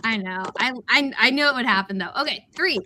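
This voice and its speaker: A young woman chats on a livestream in a bright, clear voice that sits a little high. She tells stories with energy and slips into other people's voices when she quotes them. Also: fairly quick, slight background noise. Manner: animated storyteller, acts out quotes. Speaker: livestream host. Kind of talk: casual chat.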